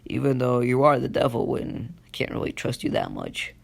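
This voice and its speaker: A man's voice: medium pitch, wildly swooping pitch, moderate pace, vocal fry, heavily acted. A man voicing a blunt young male ninja in a spoken fan story.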